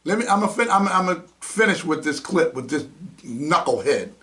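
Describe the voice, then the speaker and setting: A male host delivers heated, mocking commentary. His voice sits high and swings widely as he rants. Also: big pitch swings, moderate pace, fairly bright tone. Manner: indignant, mocking, name-calling rants. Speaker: podcast host.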